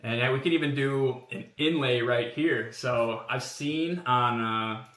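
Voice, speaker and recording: A man chats his way through car design work on a stream, laid-back and meandering, with fillers as he thinks aloud. His tone is sharp and bright. The sound is roomy, as if he sits back from the microphone in a workshop room. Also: medium pitch, measured pace, far from the mic. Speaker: streamer showing car body kit designs. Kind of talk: casual live-stream commentary. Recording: roomy, from away from the mic.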